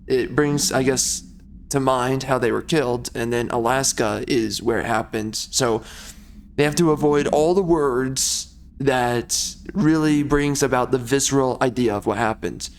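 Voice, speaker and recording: A man's voice: medium pitch, unhurried, a little hiss or hum. Ranting, rambling male game commentator. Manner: rambling, ranting, sarcastic asides. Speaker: gamer playing through a video game. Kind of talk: casual gameplay commentary.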